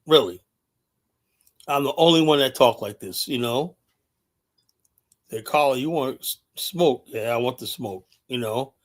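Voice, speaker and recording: A man's voice: medium pitch, measured pace, long pauses. A man rants through a livestream monologue, blunt and profane. His voice sits in a mid range, and his talk rambles from point to point. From United States. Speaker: podcast host.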